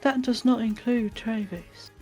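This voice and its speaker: A woman's voice: on the high side, a little slow, dark tone, soft background music, poor audio. A woman playing in a tabletop game, earnest and advising. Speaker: player. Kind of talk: tabletop role-play.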